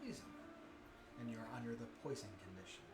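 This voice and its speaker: A man narrates as game master, easygoing and rambling as he sets the scene for his players. His voice sits at a middle pitch and carries the echo of a shared room, with a steady hiss underneath. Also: fairly quick. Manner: laid-back, rambling narration. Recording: echoey room, background hiss.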